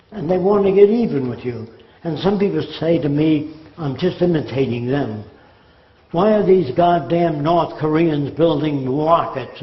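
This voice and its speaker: A man's voice: on the high side, echoey room, lo-fi sound. An older man giving an informal, argumentative lecture, now and then putting on accents for his examples. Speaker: speaker on his social project.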